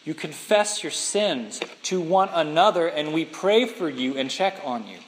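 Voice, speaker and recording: A male pastor preaching with a lively, swooping pitch and a fairly high voice. He presses his points and asks his listeners questions. The sound carries a long hall reverb with a faint hum of room noise. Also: unhurried. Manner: emphatic, asks the congregation questions. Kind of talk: sermon.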